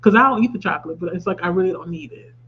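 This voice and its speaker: A woman in her thirties talks through a craft livestream in an animated, chatty way, reacting to comments and laughing often. The audio is slightly dull and lo-fi, with a faint hum underneath. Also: fairly low pitch, very fast. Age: 30s. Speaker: livestream host. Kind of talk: casual livestream chat reading viewer comments.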